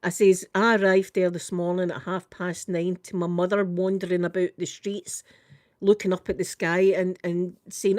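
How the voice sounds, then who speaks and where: Animated older Scottish woman telling a story. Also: lowish voice, moderate pace, dry recording, clean studio sound. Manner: animated, repeats "I says" while retelling a conversation. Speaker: vlogger. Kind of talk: casual storytelling chat.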